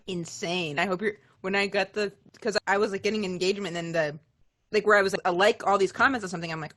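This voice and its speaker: A woman hosting a casual interview podcast, swearing freely and rambling through animated asides. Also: mid-range voice, fast. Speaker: podcast host.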